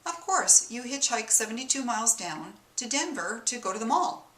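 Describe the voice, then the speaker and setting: A woman's voice: on the high side, sing-song, normal speed, sharp tone. A woman from Detroit telling a story to camera in a chatty, self-mocking way. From Detroit, USA. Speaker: vlogger. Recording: roomy echo.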